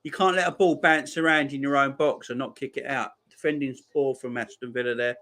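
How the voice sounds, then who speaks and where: A streamer in his forties gives live commentary during a football watchalong, speaking a little fast at an ordinary middle pitch. He's excitable and chatty, keeping up constant banter with his viewers.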